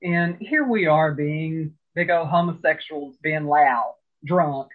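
This man, slightly high-voiced and speaking slowly, tells stories in an interview in a loose, chatty way, stumbling through fillers and fresh starts. It sounds like it was captured over a phone line.

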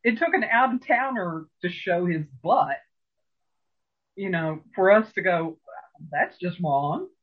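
Husky man telling stories over a phone-like line. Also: high-pitched, animated, unhurried. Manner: rambling, chatty, with many fillers and restarts. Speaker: interviewee. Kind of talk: casual storytelling interview. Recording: phone-like narrow sound.

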